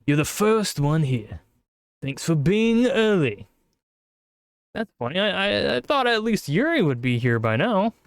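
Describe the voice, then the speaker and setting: A friendly teenage club president with a put-on British accent, voiced by a man. Her sweet, chipper lines sit a little higher and brighter, recorded close and dry with no room sound. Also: sing-song, unhurried, clean tone, no room sound, heavily acted. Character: friendly teen girl club president, unsettling.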